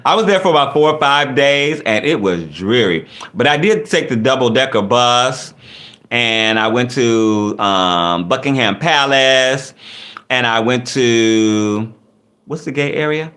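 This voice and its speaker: Hosting a laid-back livestream, a man reads chat comments out loud and jokes back at viewers. His mid-range voice is unhurried but lively and animated, and he laughs and teases playfully as he riffs.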